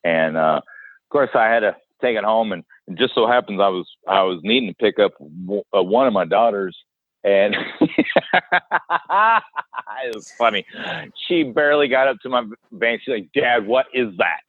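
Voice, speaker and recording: A man's voice: lowish voice, moderate pace, no room sound. A man co-hosting a podcast, casually telling a gross work story and acting out the quotes as he goes. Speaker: podcast co-host, dead animal removal worker. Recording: dry phone-like line.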